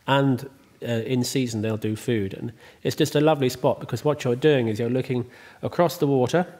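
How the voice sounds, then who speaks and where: A man's voice: mid-range voice, a little fast, a little mellow. A man, the host, talking casually in an interview, rambling and chatty with many ums and restarts. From Ireland. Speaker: host and estate owner.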